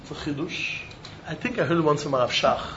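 A man teaching a Talmud lesson, animated, often repeating words as he thinks and breaking into laughs. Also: fairly high pitch, brisk. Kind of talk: Talmud study lecture. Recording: roomy, muffled recording with faint background noise.

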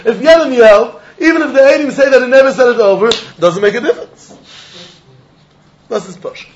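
A man's voice: very high voice, a little fast, highs cut off, background noise. A man teaching a Talmud class, repeating points with emphatic sing-song delivery and mixing in Yiddish and Hebrew terms.

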